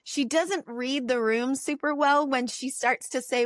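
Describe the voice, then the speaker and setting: A woman's voice: fairly high pitch, measured pace, no echo, studio quality. A woman co-hosting a podcast in casual chat, acting out quotes and laughing often. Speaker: podcast co-host.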